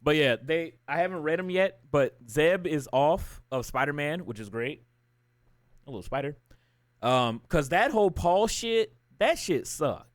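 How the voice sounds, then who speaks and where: Male streamer, casual profane rant, fairly high voice, dry close mic. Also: measured pace, dry recording. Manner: profane, ranting, animated storytelling. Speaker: livestreamer. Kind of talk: casual chat.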